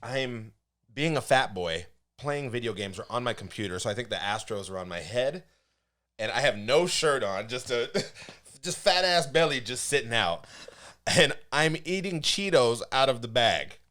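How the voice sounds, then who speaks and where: A mid-range male voice at ordinary speed belongs to a podcast co-host telling something funny in a laid-back chat. He's animated, laughing often as he goes.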